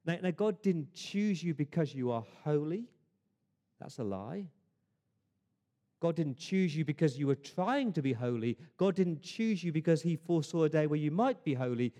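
A man's voice: on the high side, mellow. A man preaching a sermon to his congregation, earnest, often restarting words and asking rhetorical questions. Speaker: pastor. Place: church service.

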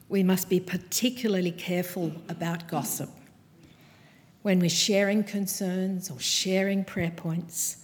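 A woman preaching a sermon to her church, with a measured, earnest delivery and pointed pauses. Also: medium pitch, darkish tone. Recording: long hall reverb from a church.

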